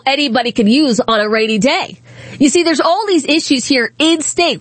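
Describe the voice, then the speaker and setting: High-voiced sarcastic woman radio host. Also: no room sound. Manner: sarcastic, laughs often while talking. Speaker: radio talk show host. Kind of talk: opinionated radio commentary. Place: radio studio.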